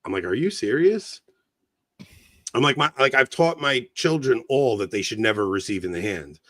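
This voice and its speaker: A middle-aged man on a casual podcast, telling an animated story that grows heated. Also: mid-range voice, a little fast, no room sound. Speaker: podcast co-host.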